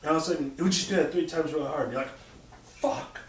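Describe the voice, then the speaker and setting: A man's voice: a little high, steady tone, racing, a little hiss or hum. A man telling stories in casual chat. He swears freely and acts out sounds and quotes. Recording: roomy sound from a distant mic.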